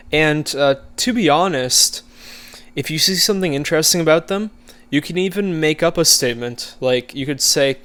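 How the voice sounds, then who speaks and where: A man coaching viewers in a casual, conversational way, relaxed and easygoing, with frequent fillers. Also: a little high, moderate pace, clean tone. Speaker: social skills coach. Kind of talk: casual instructional talk.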